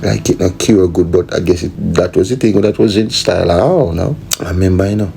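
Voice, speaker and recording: A man's voice: sits low, brisk, vocal fry, mellow, slight background noise, low-quality recording. A man telling a rambling comic story, full of "you know".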